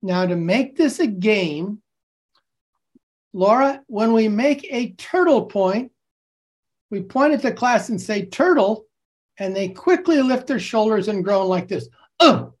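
A man coaching teachers over a video call, slowly explaining a classroom game and acting out its calls with bursts of energy. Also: high voice, animated, a little mellow. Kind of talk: enthusiastic classroom-technique demonstration.

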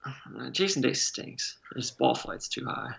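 A man's voice: medium pitch, expressive, measured pace, creaky, noisy background. A man co-hosting a casual sports talk podcast, joking and opinionated. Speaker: podcast co-host.

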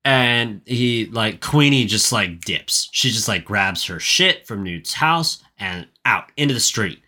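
Podcast co-host, male, bright voice, profane and rambling recap delivery. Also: lowish voice, expressive, slow pace. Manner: profane, ranting, lots of filler words. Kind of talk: casual movie recap.

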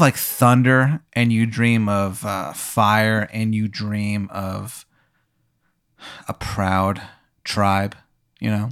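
A man's voice: lowish voice, fairly even intonation, smooth. A man narrating as game master in a comedic role-play, rambling and swearing, with lots of fillers. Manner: rambling, profane, halting with many fillers.

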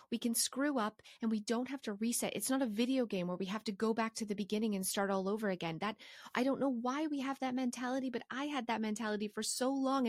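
A woman from Canada who runs a course for professional organizers, talking through her life rules in a passionate, animated way with quick asides. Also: fairly high pitch, no echo, studio quality. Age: adult with a young son. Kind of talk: casual advice monologue.

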